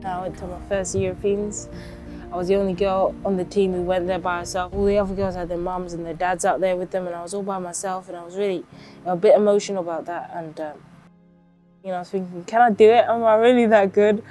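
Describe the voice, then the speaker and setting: A woman's voice: fairly low pitch, fast, soft background music. A woman, casually telling her own story in an interview. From London, England. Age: 20s. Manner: casual, chatty, acts out quotes lively. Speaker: interviewee, boxer. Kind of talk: reflective personal storytelling.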